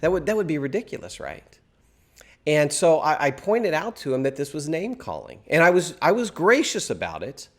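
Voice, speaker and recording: Male teacher for a course video: somewhat high, highly animated, emphatic storyteller. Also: normal speed. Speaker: Christian apologetics teacher.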